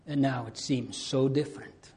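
A man preaching a sermon to his congregation, swinging between loud appeals and hushed near-whispers. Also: mid-range voice, steady tone, normal speed.

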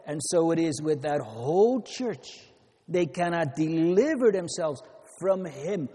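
A man preaching slowly in a warm, mellow voice, pitched a little high for a man. His sermon is earnest and repetitive, with emphatic rises. Long reverb from a church hall rings around every word. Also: expressive, husky.

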